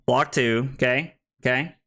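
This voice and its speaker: A man's voice: medium pitch, unhurried. A man streaming a card game, chatting casually with his chat and thinking aloud about his plays. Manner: chatty, thinks aloud, excitable when winning. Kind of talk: casual gameplay commentary to chat.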